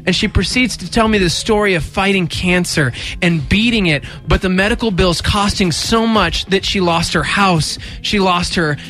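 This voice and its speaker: Bright, high-voiced young man telling a story. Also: soft background music. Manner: animated, acts out voices in quotes, quick bursts. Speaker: radio station host. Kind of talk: casual storytelling chat.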